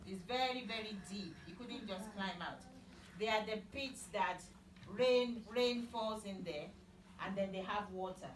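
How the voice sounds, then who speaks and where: Teaching children a Bible story, a woman speaks slowly and simply in a mid-range voice, asking the kids questions along the way. The echoey room and distant mic shape the sound, and there's a slight hiss or hum.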